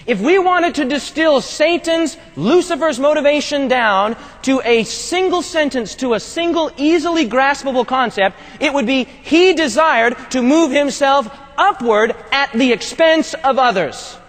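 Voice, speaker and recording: High-voiced male preacher in a reverberant hall. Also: expressive, measured pace, hardly any pauses. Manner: call-and-response questions to the congregation; emphatic, wide swings from loud to hushed. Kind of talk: sermon.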